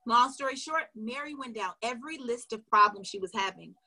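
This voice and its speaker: A woman coach retells a sales call to her viewers and acts out each part of the dialogue. Her voice is high and bright, with a husky edge. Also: brisk. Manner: animated, acts out dialogue, addresses viewers directly. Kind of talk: storytelling lesson to viewers.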